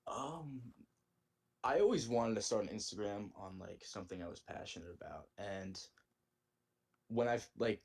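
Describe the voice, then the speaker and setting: A young man as a podcast guest, answering questions in an easygoing, relaxed way. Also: lowish voice, normal speed, long pauses, breathy edge. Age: young adult. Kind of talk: casual interview answers.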